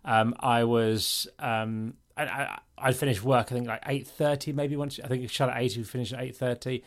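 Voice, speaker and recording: A man co-hosting a podcast, telling a halting story in casual chat with fillers and repeats. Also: mid-range voice, fairly even intonation.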